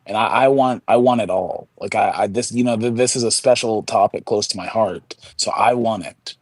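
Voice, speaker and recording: A man on a live stream making joking complaints, with halting restarts. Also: on the low side, no echo. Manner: joking, hesitant restarts, swears. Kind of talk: casual live-stream chat.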